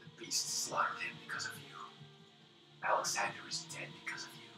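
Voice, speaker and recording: A man voicing a feeble, bitter old man in a wheelchair in a whispered role-play, with a breathy, wheezing whisper. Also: a little fast, reverberant, recorded from a distance, music in the background, close to an everyday voice, low-quality recording. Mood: bitter, accusing.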